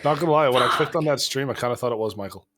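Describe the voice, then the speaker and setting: A man teasing his friends with deadpan jokes during a live stream. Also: medium pitch, rapid-fire. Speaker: tabletop game player. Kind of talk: casual chat on a live stream.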